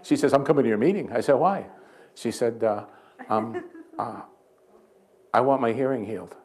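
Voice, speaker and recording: A man's voice: mid-range voice, moderate pace, darkish tone. A man preaching at a church healing service, mixing folksy stories and jokes with short prayers. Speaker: guest healing evangelist. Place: church sanctuary.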